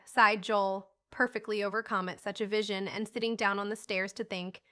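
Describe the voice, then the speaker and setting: A woman narrating a classic children's novel as an audiobook, reading in a lively, expressive way. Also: mid-range voice, normal speed, few pauses.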